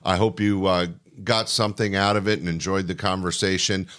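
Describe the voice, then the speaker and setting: A male podcast host with a low, smooth and resonant voice. He speaks in a formal, announcing manner, pausing often with "uh" as he introduces and thanks his guest. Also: fairly even intonation. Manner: warm-toned, formal announcing with frequent "uh" pauses. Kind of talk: podcast interview and hosting.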